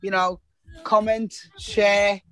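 A woman's voice: mid-range voice, little pitch movement, slow pace, a bit bright. A woman co-hosting a casual podcast chat, teasing and laughing, with lots of "um"s and "you know what I mean.". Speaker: podcast co-host.

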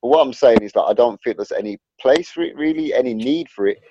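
A man's voice: mid-range voice, fast talker, noisy background. A man hosting a casual discussion, thinking aloud in a rambling way. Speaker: podcast host. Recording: dull lo-fi audio.

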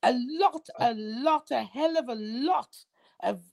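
A woman's voice: high-pitched, slow pace, gravelly, a little mellow. A middle-aged woman arguing her point in a casual group debate, emphatic and insistent, repeating phrases and apologizing while refusing to back down. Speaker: discussion panelist.

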